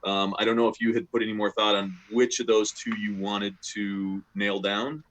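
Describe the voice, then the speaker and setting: A man's voice: lowish voice, flat delivery, moderate pace, fairly bright tone, highs cut off, a little hiss or hum. A man acting as game master in a casual online session, talking hesitantly with many ums.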